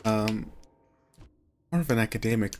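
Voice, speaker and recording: A man's voice: fairly low pitch, normal speed, slight background noise. A tired man, rambling in casual gameplay commentary as a streamer, often trailing off mid-sentence.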